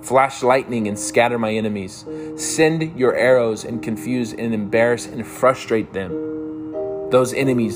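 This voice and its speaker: A man reading psalms aloud and then praying fervently for listeners, like a pastor. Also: medium pitch. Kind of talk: scripture reading and prayer. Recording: music playing behind the voice.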